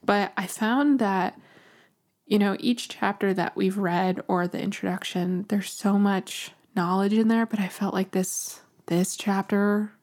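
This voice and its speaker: Woman podcast co-host, supportive, relaxed discussion, mid-range pitch. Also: measured pace. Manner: affirming, with filler words. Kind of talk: casual discussion.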